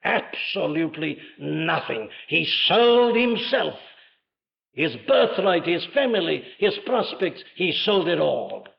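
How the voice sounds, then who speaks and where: Emphatic preacher on an old recording. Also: male voice, vocal fry. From Wales. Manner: emphatic, rhetorical questions, dramatic rises in pitch. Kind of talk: sermon. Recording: dull lo-fi archive sermon recording.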